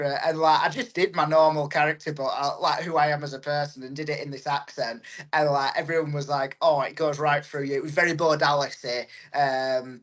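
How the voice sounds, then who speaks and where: A chatty man in his thirties talks casually on a podcast, rambling and laughing often. His voice sits a touch higher than most men's. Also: a bit bright. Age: 30s. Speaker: wrestler and promoter.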